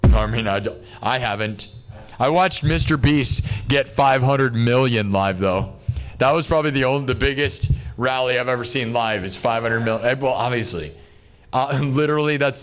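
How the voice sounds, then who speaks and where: With a mid-range voice and moderate pace, this man hosts a live stream and goes on an exasperated, casual rant. "Dude" and "bro" come up again and again.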